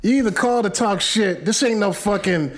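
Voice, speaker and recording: A man's voice: sits high, normal speed, a little hiss or hum. A man hosting a prank call-in line, trading crude, profane insults with a caller in comedic trash talk.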